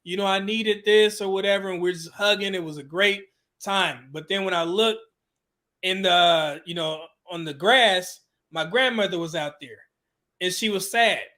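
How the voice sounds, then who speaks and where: A man with a high, bright voice tells a candid personal story as an interview guest. He talks casually and loosely, with plenty of filler words and the odd curse word. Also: normal speed. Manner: casual, with frequent "you know" fillers and swearing.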